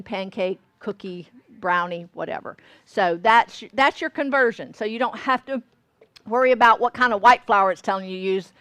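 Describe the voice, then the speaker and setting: A woman's voice: a little high, fairly bright tone, no echo. A woman from Georgia, teaching a baking class in a folksy way and often checking that listeners follow. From Georgia, US South. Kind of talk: cooking class demonstration. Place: store classroom.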